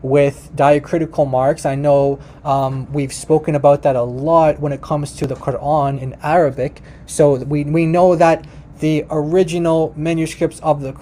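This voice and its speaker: A man with a mellow, slightly raised voice explains a language to his viewers in a relaxed, conversational way. He speaks informally, often restarts his sentences, and talks straight to the listener. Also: a little high, unhurried, slight background noise. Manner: chatty and informal, addresses "you guys", frequent restarts. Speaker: language teacher.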